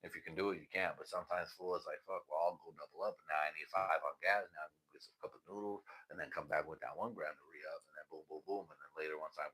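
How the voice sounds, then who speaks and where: A man's voice: a bass voice, fairly even intonation, quick pace, few pauses, bright, forceful tone, breathy edge. A man hosting a casual livestream, telling stories with plenty of swearing and laughter. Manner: profane, laughing storyteller. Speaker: livestream host.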